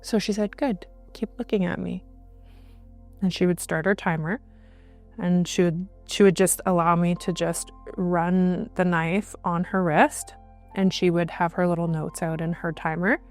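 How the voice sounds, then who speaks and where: A woman guest recounting a personal experience in conversation, halting, with frequent restarts and fillers. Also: lowish voice, fairly even intonation, faint music behind. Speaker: interview guest.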